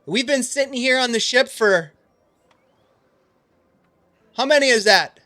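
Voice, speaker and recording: Man doing a bright, loud, complaining sailor. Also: extremely high pitch, animated, measured pace, voice pushed up, heavily acted. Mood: griping.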